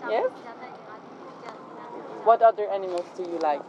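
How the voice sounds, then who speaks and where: A woman gently asking a child questions from behind the camera. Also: mid-range voice, measured pace, highs cut off, a little hiss or hum. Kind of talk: casual chat.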